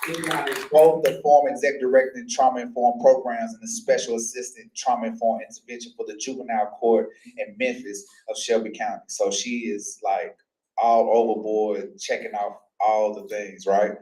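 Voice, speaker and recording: Roomy, distant man hosting a town hall. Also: medium pitch. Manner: relaxed and chatty with the audience, deliberate when reading bios. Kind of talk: hosting a live community event, reading introductions. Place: indoor event hall with a live audience.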